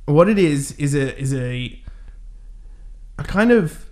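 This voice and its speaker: A man's voice: on the high side, animated, takes it slowly. A man, casually telling a funny story and laughing along. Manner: laid-back, laughing anecdote-teller. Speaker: guest.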